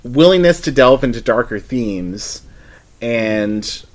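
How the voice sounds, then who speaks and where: A man's voice: medium pitch, lively intonation, takes it slowly. A man in his thirties, a podcast guest, chatting casually and rambling with frequent restarts and asides. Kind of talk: casual chat.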